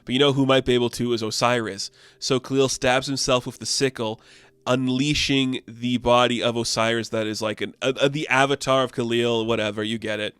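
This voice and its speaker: A man's voice: medium pitch, steady tone, a little fast, fairly bright tone, clear, resonant tone, no echo. Offhand, rambling male comic reviewer.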